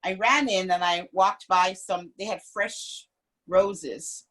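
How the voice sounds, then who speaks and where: A woman, a parishioner, telling a lively everyday story in casual conversation. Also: mid-range voice, slow pace. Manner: animated, laughing, telling anecdotes. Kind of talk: casual storytelling on a group call.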